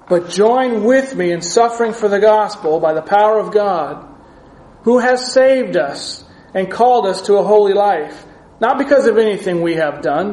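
Earnest high-voiced male preacher. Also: a little mellow, roomy sound, poor audio. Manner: earnest, measured teaching with scripture readings. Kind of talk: sermon.

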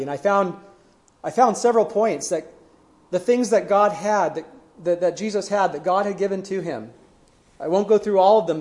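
In a high voice, a male preacher recounts scripture stories with earnestness, letting each phrase fade to a hush at its end.

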